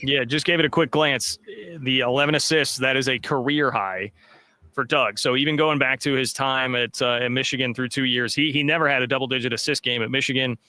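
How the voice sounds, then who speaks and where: A man's voice: mid-range voice, fairly even intonation, a little fast, bright, forceful tone, dry recording. A man hosting a sports podcast, chatting casually and upbeat with lots of fillers. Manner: upbeat, filler-heavy, reads sponsor plug.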